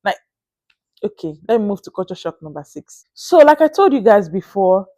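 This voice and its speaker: A young Nigerian woman with a Nigerian accent, telling a story to camera in a casual, animated and exasperated way, with sighing asides. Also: medium pitch, normal speed, no room sound. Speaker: vlogger.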